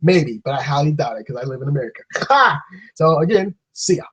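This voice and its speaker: A man's voice: on the high side, animated, fairly quick, fairly bright tone, slightly rough. A man vlogging a profane, sarcastic, exasperated rant to camera. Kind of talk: ranting monologue. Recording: dull lo-fi recording.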